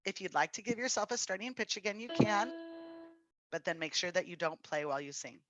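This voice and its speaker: A woman's voice: lowish voice, expressive, background noise. A woman teaching a music theory exam-prep lesson, patiently explaining and encouraging students she calls friends. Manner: slow, patient explaining with fillers. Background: faint piano.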